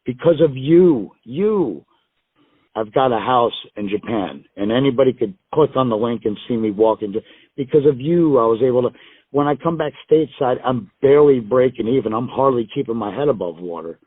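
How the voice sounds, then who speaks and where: This middle-aged interview-show guest speaks a little fast in a mid-range voice with a breathy edge. He rambles casually through his stories and swears for emphasis, all over a dry, tinny phone line.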